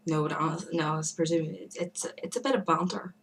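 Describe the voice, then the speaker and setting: A young woman vlogger talks to the camera from her room at home, giving shout-outs to forum members in a casual, rambling monologue full of fillers, hesitations and restarts. Her voice is deep with a fairly even intonation, and she speaks at a quick pace. The recording is rough, with a little hiss or hum.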